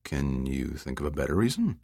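A wry, easygoing adventurer in an audiobook, voiced by a male narrator. His deep voice is dry and understated, with almost no room around it. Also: huge pitch swings, a little fast, darkish tone, breathy edge, no echo, full character voice. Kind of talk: audiobook dialogue reading.

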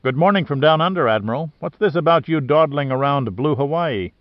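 A man reading the part of a cool, offhand male adventurer who stays calm in danger. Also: a little high, fairly quick, no echo, natural voice. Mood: wry. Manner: laid-back, offhand. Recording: dry, slightly dull lo-fi sound.

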